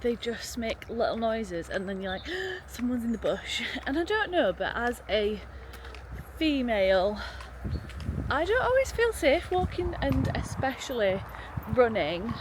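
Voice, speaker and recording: In a day-in-the-life vlog, a young woman chats in a casual, upbeat, self-deprecating way, cooking at home first and then heading out for a walk. Her voice is a little high and very animated, and she speaks unhurriedly. The roomy recording is noisy, with loud kitchen sizzle and outdoor ambience.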